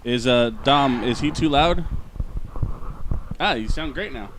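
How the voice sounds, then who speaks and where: A man hosting a casual podcast in a mid-pitched voice, loose and jokey, with a dry sarcastic streak. He swears freely and rattles through sponsor plugs between bits of banter. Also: unhurried, noisy background. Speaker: podcast host.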